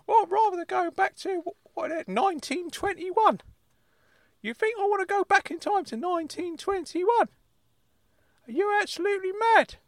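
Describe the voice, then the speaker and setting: A man voicing an excitable, easily irked uncle, scolding indignantly in a comedy podcast bit. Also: very high voice, moderate pace, no echo, pitched above the performer's own voice. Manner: indignant, scolding, calls the other mad.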